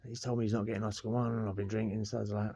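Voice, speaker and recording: A man's voice: lowish voice, level tone, racing, vocal fry, dark tone, slightly rough. A man telling a rambling personal story in casual slang, laughing often. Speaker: podcast guest telling a prison story.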